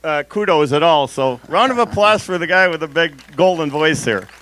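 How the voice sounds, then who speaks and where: Guy with a bright, higher voice telling a fishing tale, dry sound. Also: animated, moderate pace, no room sound. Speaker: tournament angler.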